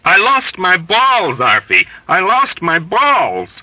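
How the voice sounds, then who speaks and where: A man's voice: high-pitched, huge pitch swings, slow, no echo, dull audio, voice pushed up, full character voice. A man voicing a wounded young airman who screams and pleads for help. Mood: panicked.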